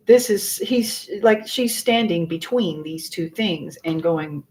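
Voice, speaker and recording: A woman with a fairly low voice talks through a live tarot spread. She is earnest and loose, repeating words as she feels her way, and swears casually now and then. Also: a little mellow, low-quality recording. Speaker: tarot reader.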